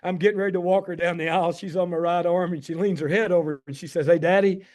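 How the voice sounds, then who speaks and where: A man in his fifties from Tennessee, an addiction medicine doctor, gives a personal storytelling talk on a call in a Southern accent. His voice is high, fast, fairly even, and a little mellow, and he's folksy, emphatic, and heartfelt, calling his listeners "guys."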